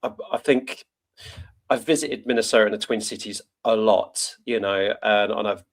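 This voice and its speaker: Here a man from the United Kingdom hosts an interview-style podcast at a normal pace, his voice on the low side. He rambles and chats freely, often laughing and correcting what he just said.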